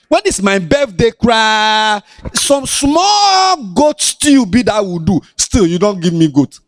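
A man with a Ghanaian accent preaching a lively Bible lesson to children, animated and sing-song, teasing his listeners as he talks. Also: high-pitched, takes it slowly, no echo.

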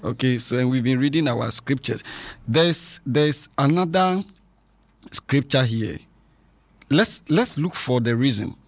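A man's voice: medium pitch, unhurried. A man hosting a children's radio program, chatting with kids and reading and explaining scripture in a repetitive, teacherly way. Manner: chatty, teacherly, repeats words.

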